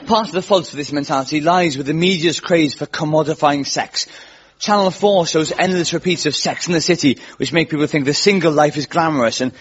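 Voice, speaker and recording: A man with a slightly raised voice delivers a wry, deadpan comedy monologue as host. The recording is dull and lo-fi, with a loud crowd laughing and noise behind him. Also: fairly high pitch, normal speed. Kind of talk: stand-up comedy monologue before a live audience.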